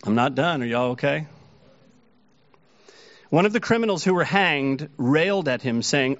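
A man's voice: mid-range voice, moderate pace, long pauses, muffled recording. A man preaching a sermon earnestly, his voice rising when he quotes the mockers. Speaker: pastor.

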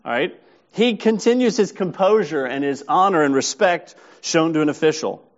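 A man's voice: a little high, lively intonation, moderate pace, highs cut off. A man preaching a sermon, reading scripture aloud and then explaining it in a conversational way. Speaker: pastor.

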